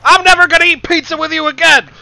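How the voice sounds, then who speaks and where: A man voicing an irate elderly brother who yells and blames, in a shrill, shouting voice. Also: steady tone, quick pace, vocal fry, dry recording, faint music behind, heavily acted. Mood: furious. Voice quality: shrill, yelling.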